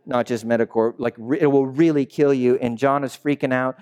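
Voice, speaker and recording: A man preaching a sermon as a pastor, telling the story in a lively, dramatic way, sometimes shouting and sometimes dropping to a hush. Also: medium pitch, brisk. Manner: animated storytelling preacher, swinging between shouts and hushed asides.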